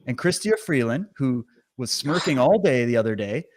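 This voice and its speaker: A man interviewing a guest, animated, sarcastic and indignant, talking heatedly. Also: medium pitch, normal speed.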